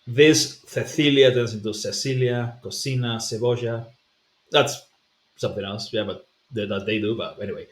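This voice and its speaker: A man's voice: fairly low pitch, a bit bright. Man coaching pronunciation in an echoey room. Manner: explanatory, repeats sounds to demonstrate, many fillers. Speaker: language coach. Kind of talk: pronunciation lesson. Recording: roomy echo.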